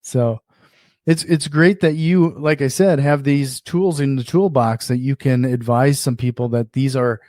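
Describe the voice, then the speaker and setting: A man with an average-pitched voice hosts a relaxed podcast interview and asks his guest follow-up questions. He often restarts his sentences mid-thought. The recording is dry and close-miked, with no room sound. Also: unhurried, no room sound. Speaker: podcast host.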